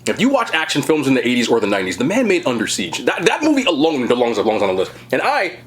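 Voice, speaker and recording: Man, thirties, mukbang host, casual talk to camera, lively swinging pitch, upbeat and chatty. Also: fast talker. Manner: chatty, upbeat, addresses viewers directly. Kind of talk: casual chat to camera while eating.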